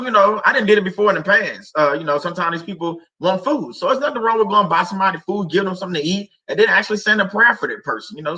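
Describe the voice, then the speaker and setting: A man's voice: a little high, sharp tone, poor audio. A middle-aged man hosting a casual faith talk stream, rambling and conversational with many fillers and restarts. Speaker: livestream host.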